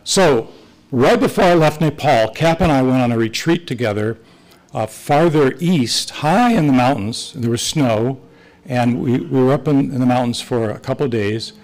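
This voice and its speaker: Speaking at normal speed in a mid-range, darkish voice, an older retired missionary priest addresses his Sunday school class through a rough recording. His storytelling rambles anecdotally, and he performs the quoted conversations aloud.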